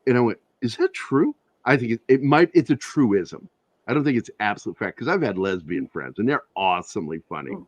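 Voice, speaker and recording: A man who is a guest on an interview show, telling profane, animated anecdotes with a lot of laughter in casual conversation. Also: mid-range voice, fairly quick, no echo. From Virginia, USA. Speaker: interview guest, comic creator. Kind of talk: casual storytelling.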